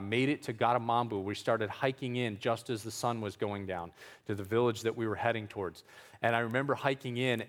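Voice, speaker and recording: A man's voice: mid-range voice, fairly bright tone, long reverb tail. A man telling a story from his missionary work in a loose, conversational way, with fillers and small chuckles. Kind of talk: storytelling talk.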